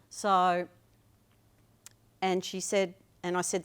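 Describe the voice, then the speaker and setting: A woman tells a personal story on stage, chatty and amused at herself. She speaks at an unhurried pace, letting sentences trail and restart. Her voice sits a little low for a woman. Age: 50s.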